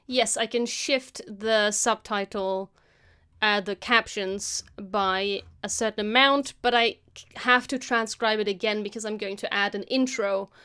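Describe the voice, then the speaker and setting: A woman's voice: mid-range voice, fairly even intonation, a little slow, sharp tone, smooth. A woman from Germany with a German accent mixed with British English, thinking aloud in a casual live stream as she edits, hesitant and full of self-corrections. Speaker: motion designer and video editor live-streaming her work. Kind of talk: casual live-stream narration while editing.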